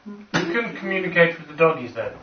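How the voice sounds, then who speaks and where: A man playing a tabletop game, excitable and playful in his banter. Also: fairly high pitch, brisk, noisy background. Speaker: player. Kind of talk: casual tabletop game play. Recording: roomy, distant, dull lo-fi room mic.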